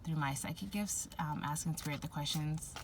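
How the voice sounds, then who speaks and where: A woman's voice: low voice, moderate pace, background noise. A woman giving a casual spoken tarot reading, rambling and giggly, full of fillers. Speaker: tarot reader.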